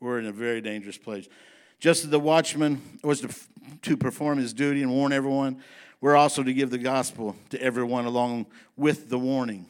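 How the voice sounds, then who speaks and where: A man preaching a sermon to his congregation in a folksy, emphatic style, slowing down to read scripture and speeding up for asides. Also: medium pitch, steady tone, smooth. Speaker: pastor.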